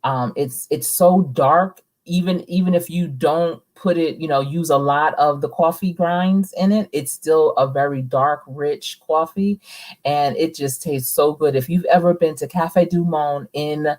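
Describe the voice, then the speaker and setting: A woman's voice: low-pitched, fairly even intonation, unhurried, darkish tone. A woman hosting a casual live stream, chatting with viewers and reading their comments aloud. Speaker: livestream host, coach.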